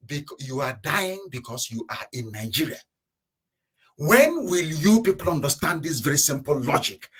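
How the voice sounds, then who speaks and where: A man giving an impassioned political radio address, with rhetorical questions and sudden bursts of shouting. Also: a little high, big pitch swings, normal speed, slightly rough. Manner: fiery, rhetorical, mocking laughter, sudden shouts and drops. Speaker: radio broadcaster. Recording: live internet radio broadcast.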